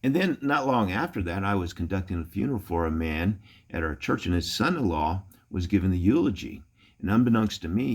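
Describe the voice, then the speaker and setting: A middle-aged man, a pastor, telling folksy anecdotes in a relaxed storytelling sermon, chuckling now and then. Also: deep voice.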